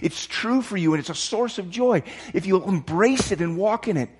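A man's voice: high voice, animated, normal speed, slightly rough. A middle-aged pastor preaching a sermon, often restarting words and suddenly raising his voice for emphasis. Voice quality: repeats and restarts words, emphatic jumps in volume.

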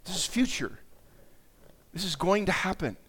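A man's voice: sits high, animated, normal speed, fairly bright tone, husky. A man preaching a conversational sermon, often repeating and restarting words and raising his voice when he reads scripture aloud. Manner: conversational, dramatic rises in voice while reading scripture. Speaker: pastor.

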